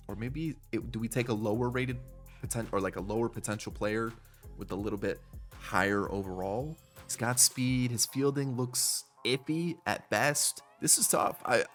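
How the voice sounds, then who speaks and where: Young man, stuffy and congested, low-pitched casual game commentary, mulling choices aloud. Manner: thinking aloud, weighing options, trailing restarts. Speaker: gaming YouTuber.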